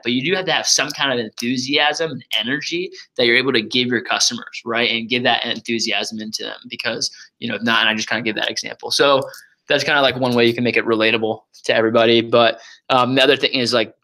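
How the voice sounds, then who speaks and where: A young man coaching sales reps in a casual walkthrough, energetic and loud, full of "like" and "um" fillers. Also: mid-range voice, low-quality recording. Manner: energetic and loud, says so himself, many fillers. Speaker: sales trainer.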